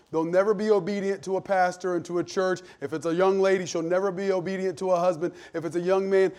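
Pastor, forties, preaching earnest and emphatic, slightly higher voice, folksy restarts. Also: male voice, a little mellow. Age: 40s. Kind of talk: sermon.

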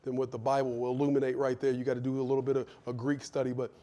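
A man preaching a sermon with fervent delivery, moving from loud pleading to hushed intensity. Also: medium pitch, monotone, racing.

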